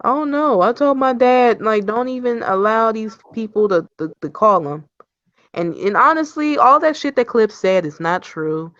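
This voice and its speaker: A woman's voice: a little high, lively intonation, normal speed, a bit bright. Blunt, defensive young woman. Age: young adult. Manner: defensive, blunt, swears freely. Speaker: guest. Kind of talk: casual online chat. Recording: dry, slightly dull stream audio.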